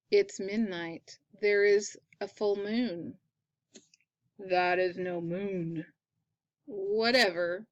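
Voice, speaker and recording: A woman's voice: medium pitch, fairly bright tone, no echo. A woman reading a picture book aloud to children, with playful questioning. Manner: playful questioning, storybook delivery. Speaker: reader.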